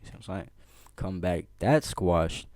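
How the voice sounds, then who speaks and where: A man spins a childhood story in loose, slangy chat, laughing as he goes and checking in with his listeners. His voice sits on the low side. It is recorded close and dry, with almost no room sound. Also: normal speed, no room sound. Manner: animated, laughing, slangy, frequent "bro" and "see what I'm saying". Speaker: vlogger. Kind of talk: casual storytelling.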